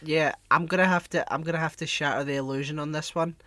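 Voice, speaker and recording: A man's voice: on the high side, fairly even intonation, quick pace, pushed and bright, no room sound. A man co-hosting a podcast, talking bluntly and swearing in casual chat. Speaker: podcast co-host.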